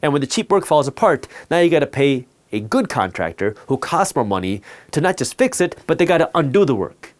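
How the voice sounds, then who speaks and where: Male host for a finance talk. Lively pitch, punchy repetition, storytelling delivery. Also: fairly quick, few pauses. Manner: emphatic, repeats key words for effect.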